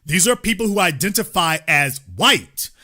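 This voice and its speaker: Bright-voiced, emphatic male commentator. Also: sits high, lively intonation, normal speed. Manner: emphatic, repeats key points, lectures the audience directly. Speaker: political commentary host. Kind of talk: political commentary monologue.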